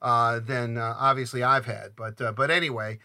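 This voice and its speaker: Bright-voiced rambling older male host. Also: medium pitch, steady tone. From Southeast Michigan. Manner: rambling, halting with many restarts. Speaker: podcast host. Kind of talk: conversational interview.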